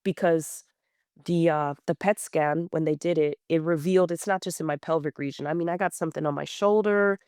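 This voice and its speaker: A woman's voice: low-pitched, steady tone, a little fast, a little mellow, smooth, dry recording, studio quality. A woman in her thirties, a podcast guest, telling her story in a blunt, plain-spoken way with many fillers and restarts. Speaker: guest runner. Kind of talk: candid conversational storytelling.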